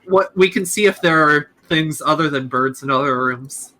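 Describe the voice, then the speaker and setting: A woman's voice: low-pitched, moderate pace, bright, forceful tone, slight background noise. A woman playing a tabletop role-playing game with friends, chatting casually with many "likes" and talking eagerly about birds. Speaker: player.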